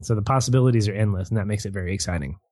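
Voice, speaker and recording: A man's voice: lowish voice, very fast, darkish tone, no echo. A man chatting as a guest on a film podcast, rambling with restarts and easy laughs. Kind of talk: casual film podcast chat.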